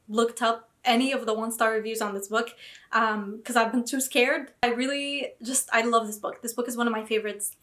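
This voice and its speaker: A young woman vlogging about books, talking casually and animatedly with dramatic, indignant outbursts. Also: on the high side. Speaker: book vlogger. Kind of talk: casual reaction vlog.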